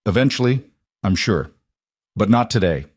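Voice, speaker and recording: A man reading a cold, smooth villain boss. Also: on the low side, animated, normal speed, no echo, studio quality. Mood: menacing. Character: cold, calculating male villain mine boss.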